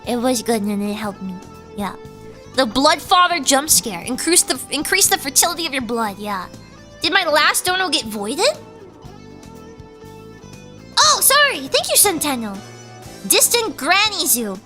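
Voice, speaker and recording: A woman's voice: high voice, unhurried, long pauses, faint music behind. A woman streamer chatting casually and rambling, cutting herself off mid-sentence and reading chat messages aloud. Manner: animated, rambling, self-interrupting, reads chat aloud.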